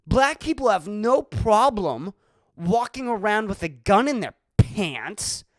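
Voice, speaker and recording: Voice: mid-range voice, big pitch swings, slow, no room sound. A podcast host from Massachusetts, ranting solo in a profane, emphatic way that keeps circling back on the same points.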